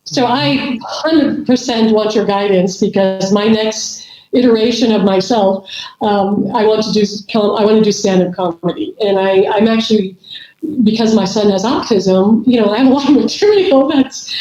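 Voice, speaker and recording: A woman's voice: medium pitch, normal speed, mellow. A middle-aged woman, a podcast guest, chatting casually and rambling with many restarts. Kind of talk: casual conversation. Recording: echoey, dull remote audio.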